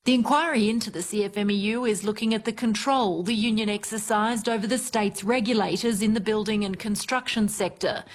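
A woman reporter delivering a scripted news report in a clear, even manner. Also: mid-range voice, brisk, few pauses.

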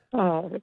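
A woman phones in to a radio quiz, chatty and laughing. Her voice comes through a tinny phone line, dry and narrow. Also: no room sound. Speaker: caller. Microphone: telephone.

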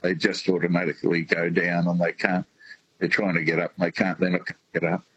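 A man calling into a radio show, talking casually and haltingly, with a New Zealand tinge to his accent. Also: low-pitched, flat delivery, a bit bright, slightly rough, muffled recording. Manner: halting, hesitant. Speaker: caller. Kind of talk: casual phone chat.

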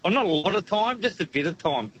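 A man's voice: sits high, lively intonation, fast talker, crowd noise, low-quality recording. A man calling in to a radio show from his truck, rambling and jokey, stumbling over his words. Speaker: radio caller. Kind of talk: casual phone-in chat.

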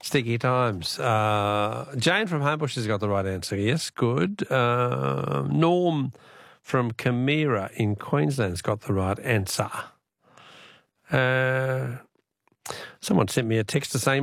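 A man's voice: mid-range voice, slow, creaky, fairly bright tone, no echo, clean studio sound. A middle-aged Australian man hosting a call-in radio quiz, jokey and chatty, laughing often.

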